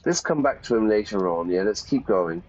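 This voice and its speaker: A man's voice: fairly low pitch, expressive, moderate pace, darkish tone, a little hiss or hum. A man teaching English while playing a game, chatty, reading game text aloud and explaining words. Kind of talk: casual let's-play lesson. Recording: slightly dull sound.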